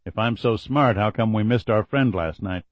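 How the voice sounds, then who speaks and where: A man playing a gruff, tired Coast Guard petty officer with a growling, blunt delivery. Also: on the low side, normal speed, dry recording, natural voice.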